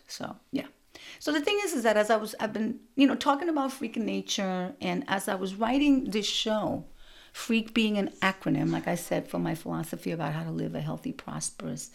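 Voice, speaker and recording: A middle-aged woman hosting a show, telling family stories in an animated, punchy way with sudden loud bursts. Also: medium pitch, gravelly. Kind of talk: storytelling monologue.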